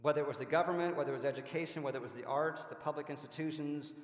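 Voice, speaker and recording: Conversational pastor in an echoey church. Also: male voice, on the high side, steady tone, very fast. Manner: conversational, with restarts. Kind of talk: sermon. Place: church sanctuary.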